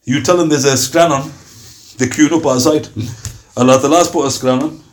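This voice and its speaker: A man's voice: fairly high pitch, fairly even intonation, moderate pace. A man teaching an Islamic lesson, emphatic and full of rhetorical questions, dropping Arabic phrases into his English. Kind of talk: religious lecture.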